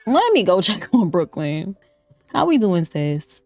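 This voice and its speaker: A chatty woman narrates her life-sim gameplay in a loose, playful way. She jokes with her viewers and laughs often. Soft lo-fi music plays faintly behind her voice. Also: mid-range voice, sing-song, unhurried. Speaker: gameplay streamer. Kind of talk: casual let's-play commentary.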